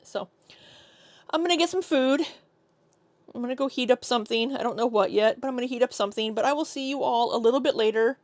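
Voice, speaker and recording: A woman's voice: fairly high pitch, fast, no room sound. An American woman chatting casually with her viewers on a live stream, laughing often and joking around. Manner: chatty, laughs often, tries out silly accents.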